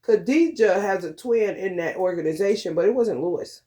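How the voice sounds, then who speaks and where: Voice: medium pitch, moderate pace, mellow, slight background noise. Slangy, laughing casual vlogger. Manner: loose, slangy and profane, laughs often, calls listeners honey and baby. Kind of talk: casual monologue.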